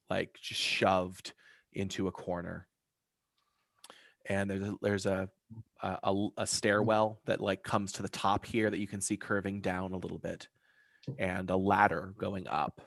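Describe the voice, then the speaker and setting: Gravelly low-voiced game master. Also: male voice, dry recording. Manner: loose, filler-heavy scene description. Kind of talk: narrating a tabletop game.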